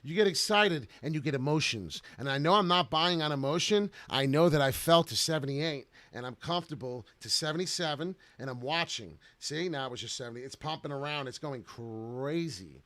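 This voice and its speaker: A man giving brash, excited live commentary to viewers while trading crypto on charts. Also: fairly high pitch, brisk, few pauses, dry recording.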